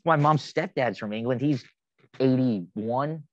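A man in a casual car chat, telling stories in a relaxed way. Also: mid-range voice, measured pace, dull audio, a little hiss or hum.

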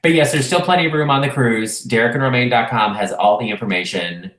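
A man co-hosts a casual talk show, chatting and rambling with plenty of fillers. His mid-range voice is fast and slightly bright, with a roomy echo around it.

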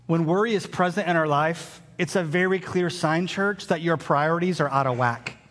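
A man's voice: a little high, normal speed, a bit bright. A man, preaching a sermon as pastor in a conversational storytelling way. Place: large church hall. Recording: hall reverb.

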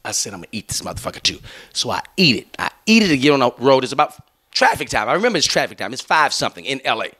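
A young man tells a wild story on a podcast. His pitch swings up and down as he acts out each person's lines, and his tone is bright and forceful. He curses freely and laughs as he talks. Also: big pitch swings, rapid-fire, slightly rough. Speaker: podcast host. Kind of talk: casual storytelling chat.

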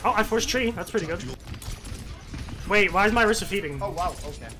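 A young man streaming a competitive shooter, swearing, yelling quick callouts to teammates and reacting loudly to each fight. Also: high voice, lively intonation, over music. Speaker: gaming streamer. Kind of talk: live gameplay commentary and team voice chat.

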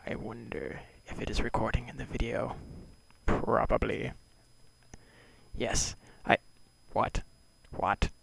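A man talking to himself in deadpan, mock-solemn mutters and half-whispers while playing a video game. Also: mid-range voice, takes it slowly, creaky, breathy edge, rough recording. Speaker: gamer playing a block-building game.

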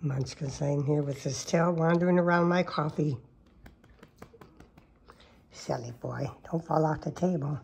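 A woman's voice: sits low, a little slow, gravelly, long pauses, darkish tone, slight background noise. A woman talking baby talk to her cats at home, cooing and sometimes whispering in a sing-song way. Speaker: cat owner filming her cats. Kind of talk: casual baby talk to pets. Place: home, at a table with coffee.

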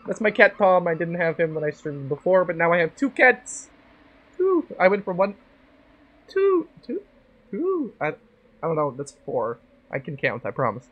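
This Canadian woman streams a game and chats casually, rambling, joking, and swearing freely. Her low, expressive voice moves briskly, and the audio sounds dull.

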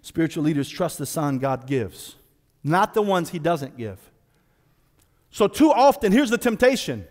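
A man preaching a sermon as pastor, animated and playful, slipping into casual voiced asides. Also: on the high side, measured pace, in a large hall. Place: church sanctuary.

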